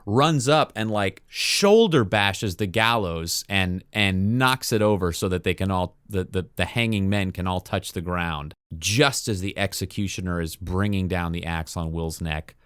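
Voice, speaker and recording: Low-voiced man recapping a movie. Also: unhurried, hardly any pauses, smooth, no echo, clean studio sound. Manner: animated storyteller acting out quoted lines. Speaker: podcast co-host.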